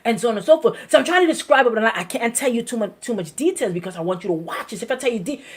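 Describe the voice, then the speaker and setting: A woman pastor with a Brooklyn accent, hosting a weekly talk in an animated, conversational preaching style, often repeating her phrases. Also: on the high side, rapid-fire. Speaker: pastor and show host.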